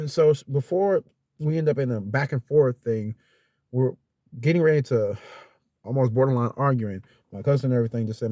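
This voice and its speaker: Man, casual storytime vlog, rambling, exasperated, swears, warm voice, dry room. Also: medium pitch, brisk, no echo. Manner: rambling, exasperated retelling with acted-out quotes. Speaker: vlogger.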